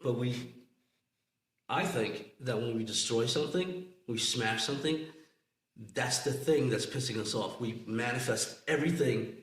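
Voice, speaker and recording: A man explaining calmly, often checking that the others agree. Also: medium pitch, a little slow. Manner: explaining, calm, asks for agreement. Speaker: podcast co-host. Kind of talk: casual explanatory talk. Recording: echoey room.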